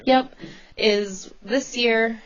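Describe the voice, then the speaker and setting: A woman volunteer coordinator talking casually and quickly to volunteers, chatty and laughing easily. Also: fairly high pitch, steady tone, highs cut off. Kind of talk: casual livestream address.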